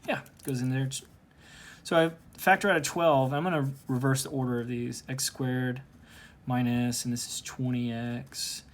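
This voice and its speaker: A man's voice: medium pitch, fairly even intonation, moderate pace. A man teaching a recorded calculus lesson from home, casually talking through each step aloud. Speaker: math teacher.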